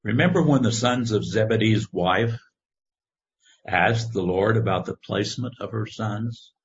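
Man, sermon, slow and measured, dull lo-fi recording. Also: lowish voice, slight background noise. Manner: slow, measured scripture reading. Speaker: preacher.

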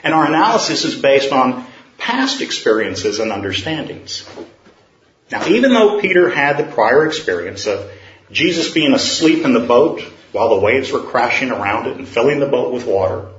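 A man's voice: mid-range voice, fairly bright tone. Male preacher, sermon, earnest, storytelling, dull roomy recording.

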